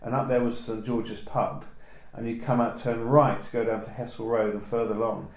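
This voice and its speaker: A man's voice: mid-range voice, little pitch movement, normal speed, roomy sound, poor audio. A man with a southern English accent, a photographer telling meandering stories in a casual interview. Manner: meandering, chatty storytelling.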